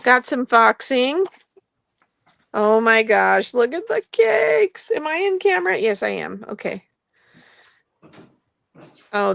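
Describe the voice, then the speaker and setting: A woman with a medium-pitched, creaky, bright and forceful voice hosts a casual live craft-supply sale, recorded without echo in an indoor shop with construction noise nearby. She's chatty and laughs often, trailing off and restarting as she goes.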